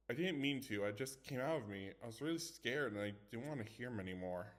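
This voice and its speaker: Guy reading a spooky story out loud, first person, kinda dramatic, trips on words sometimes, medium pitch. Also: expressive, brisk, few pauses. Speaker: story reader. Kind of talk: reading scary stories aloud.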